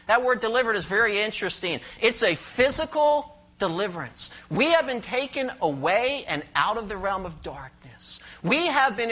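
A pastor preaching a sermon, expressive and questioning the congregation, explaining scripture verse by verse. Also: mid-range voice. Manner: explains Greek words and cites verses.

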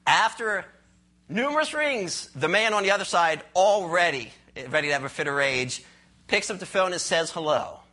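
Bright-voiced preacher man dropping to whispers. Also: high voice, expressive, normal speed. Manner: storytelling with acted-out voices and dramatic drops to a near whisper; asks the audience rhetorical questions. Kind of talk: sermon.

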